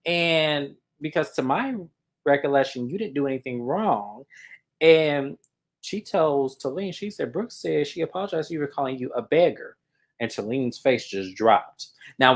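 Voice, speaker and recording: A man in the middle of a relaxed recap chat, retelling each scene with lively acted-out quotes. His voice sits at an ordinary pitch, and he talks in a loose, conversational way with a co-host. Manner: animated storyteller who acts out quotes.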